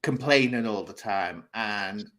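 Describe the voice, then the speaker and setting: A man's voice: on the low side, measured pace, sharp tone. Chatty man telling a story. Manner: chatty, theatrical, laughs while telling stories. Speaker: host. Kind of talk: casual chat show storytelling.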